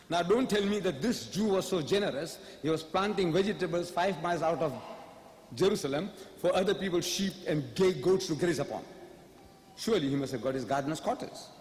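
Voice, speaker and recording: A man's voice: high voice, brisk, a little mellow, reverberant, long reverb tail. A man giving a public debate lecture, firing rhetorical questions at the audience with emphasis.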